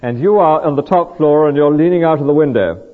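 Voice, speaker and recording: A man's voice: a little high, brisk, big-room sound, phone-quality sound. A man preaching a sermon, earnest and full of rhetorical questions and vivid stories.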